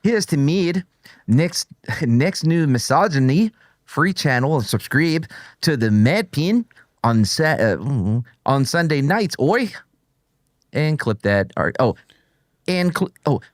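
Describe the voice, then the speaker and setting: A man putting on a mock Australian accent to read out a viewer's tip, drawn-out and exaggerated. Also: fairly high pitch, very animated, dry recording, clean studio sound, pitched above the performer's own voice. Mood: hammy. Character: rowdy male Australian bloke reading a tip.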